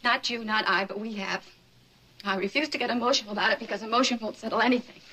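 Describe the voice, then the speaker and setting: A woman's voice: on the high side, fast, pushed and bright, a little hiss or hum, low-quality recording. An actress playing a weary young pregnant wife who holds back her feelings in restrained, clipped lines, in a 1950s film drama. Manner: restrained, clipped, then pleading.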